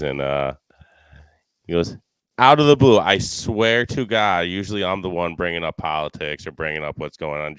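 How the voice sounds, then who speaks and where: A man guest on a podcast, telling a story in an animated, laughing way. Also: deep voice, clean tone, no echo. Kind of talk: casual storytelling.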